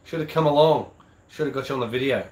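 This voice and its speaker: A man's voice: medium pitch, quick pace, darkish tone, echoey room, poor audio. An Australian man hosting a golf live-stream, chatting casually and reading out viewer comments, his voice a little nasal from a cold. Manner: casual, chatty, rambling with fillers. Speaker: golf channel host.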